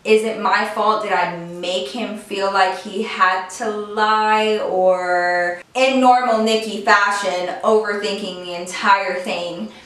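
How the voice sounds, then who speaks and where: A woman's voice: mid-range voice, steady tone, takes it slowly, hardly any pauses, fairly bright tone. Chatty woman in an echoey room. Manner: chatty, fillers with "like", swearing. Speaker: beauty and storytime vlogger. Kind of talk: casual storytime chat to camera. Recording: very echoey room, distant mic.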